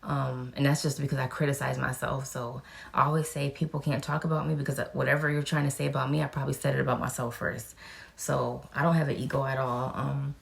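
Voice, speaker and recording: A woman's voice: very deep voice, flat delivery, brisk, vocal fry. A young woman, chatting frankly and casually as a vlogger answering viewer questions, cursing now and then. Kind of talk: casual Q&A vlog.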